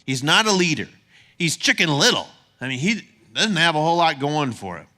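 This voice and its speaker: A man's voice: on the high side, big pitch swings, fairly quick, sharp tone. A male pastor preaching a sermon in a conversational way, with humorous asides and stumbling restarts.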